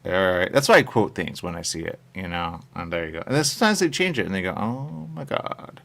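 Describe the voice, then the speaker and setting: A man's voice: low-pitched, very animated, quick pace, vocal fry, a bit bright. A man hosting a talk radio show, rambling casually and quoting people in little voices, often saying "there you go". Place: radio studio.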